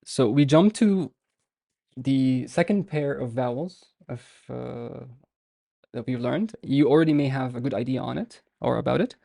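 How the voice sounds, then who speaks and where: Male teacher, slow and patient, gravelly warm voice, dry close recording, repeats drills. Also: mid-range voice, dry recording. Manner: patient, repeats words slowly with many fillers. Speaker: language teacher. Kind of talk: slow explanatory lesson.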